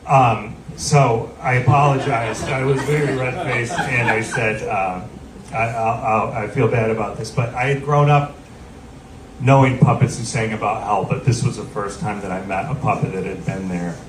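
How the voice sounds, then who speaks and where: Middle-aged guy doing stand-up, rambly and chatty, sounds far off in a roomy club with loud crowd noise. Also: medium pitch, steady tone, normal speed. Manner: rambling, conversational, with asides and acted quotes. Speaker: stand-up comedian. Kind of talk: stand-up storytelling. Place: live comedy venue with audience. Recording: roomy live recording from a distance, loud ambience. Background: audience laughter.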